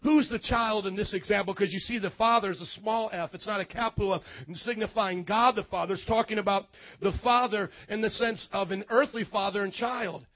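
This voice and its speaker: High-voiced shouting male preacher. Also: fairly even intonation, fairly quick, highs cut off. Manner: emphatic, shouting, call-and-response. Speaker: pastor. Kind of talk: sermon. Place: church.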